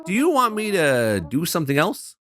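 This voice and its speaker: A man voicing an anxious young boy who speaks in a high, earnest, startled way. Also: wildly swooping pitch, normal speed, music in the background.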